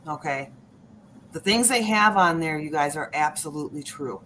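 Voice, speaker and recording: A woman's voice: low voice, moderate pace, a little hiss or hum. A woman guest telling personal stories on a podcast, acting out voices and sounds as she goes. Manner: animated storyteller acting out quotes. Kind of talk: storytelling on a paranormal podcast.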